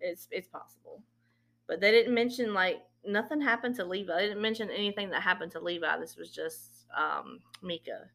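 A woman's voice: lowish voice, normal speed, vocal fry, a bit bright. A woman hosting a podcast, casually retelling events and slipping into quoted dialogue. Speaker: podcast host. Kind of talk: casual true-crime storytelling.

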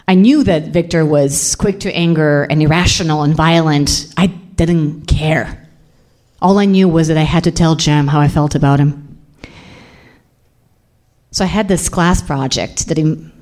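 A woman's voice: deep voice, darkish tone. A young woman from Serbia, telling an intense, confessional personal story.

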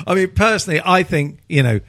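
A man's voice: sits high, lively intonation, moderate pace, fairly bright tone, no echo, studio quality. A man hosting a casual football podcast, rambling and teasing his co-hosts. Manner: rambling, self-correcting, teasing. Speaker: podcast host.

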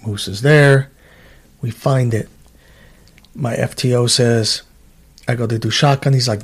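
A middle-aged man, a former trooper, telling stories in a casual chat, animated and swearing, acting out what people said. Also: mid-range voice, unhurried, pauses often, breathy edge. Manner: animated storyteller, swears, acts out quotes.

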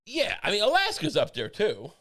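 A man's voice: high-pitched, huge pitch swings, moderate pace, fairly bright tone. A man co-hosting a podcast in rambling, joking casual chat, often stammering and restarting. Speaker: podcast co-host.

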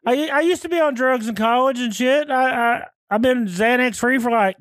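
A man in his thirties with a notably high voice, co-hosting a podcast and telling crude, animated stories. He swears freely and talks in an offhand way. The recording is dry and close, with no room echo. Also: normal speed. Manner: profane, animated anecdotes. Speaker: podcast co-host. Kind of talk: casual podcast chat.

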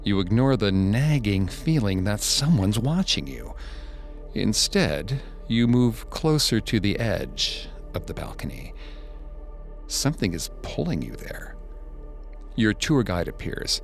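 A man narrating a second-person horror story in a slow, hushed way. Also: fairly low pitch, very animated, soft background music.

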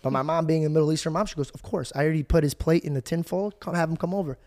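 A young man hosting a podcast, telling a story in an excitable, casual way, swearing freely and acting out the voices of the people he quotes. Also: fairly high pitch, very fast, hardly any pauses. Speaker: podcast host.

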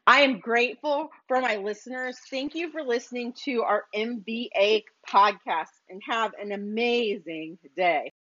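Speaking on the high side at a measured pace, with hardly any pauses and a bit of brightness, this woman hosts a motivational business podcast. She preaches and urges her listeners, repeating phrases, on a slightly dull lo-fi recording.

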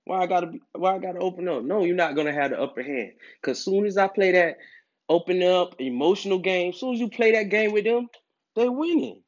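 A man's voice: high voice, fairly quick. A man giving dating advice to other men in a casual monologue, emphatic and preachy, with streetwise slang. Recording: dull lo-fi recording.

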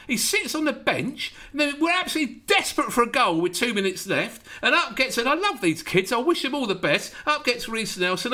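A man's voice: extremely high pitch, bright, forceful tone. A man hosting a football podcast, ranting in exasperation with sarcastic rhetorical questions. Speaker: podcast host. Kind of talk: casual football chat.

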